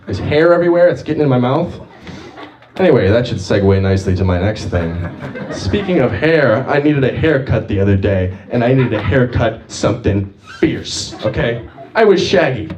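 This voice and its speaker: At a small open mic, a stand-up comic tells stories in an animated, jumpy style with big swings in pitch, speaking at normal speed. The mic is distant and noise is audible.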